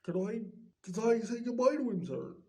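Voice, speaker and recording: A big-hearted giant, acted by a storybook reader, choking up and stumbling over his words. His voice rises in pitch and pushes louder than the storytelling around it. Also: lively intonation, moderate pace, gravelly. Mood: sobbing. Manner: sobbing, stammering, emotional. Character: huge, soft-hearted bearded man, tearful.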